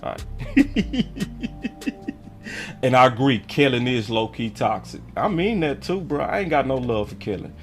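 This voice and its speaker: Fired-up sports stream host. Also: male voice, medium pitch, very animated, a little slow, long pauses, faint music behind. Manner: heated, ranting, slangy; reads articles aloud on stream. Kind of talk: live stream commentary.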